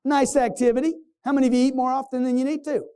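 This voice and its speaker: A man's voice: extremely high pitch, steady tone, fast, mellow, smooth. A man giving a motivational sales seminar on stage, quizzing the live audience and acting out customers in punchy bursts. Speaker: sales trainer.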